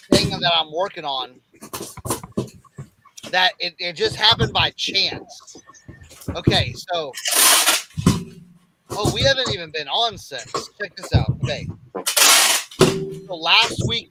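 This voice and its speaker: A middle-aged man hosting a casual reseller chat, telling a rambling, animated anecdote full of restarts. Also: sits high, takes it slowly, pauses often, heavy background noise. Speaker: reseller podcast host.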